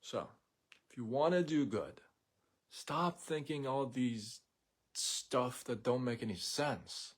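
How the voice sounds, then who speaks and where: Slow-talking blunt man ranting. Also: medium pitch. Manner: opinionated, blunt and sarcastic. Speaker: host of a daily live show. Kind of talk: casual monologue rant.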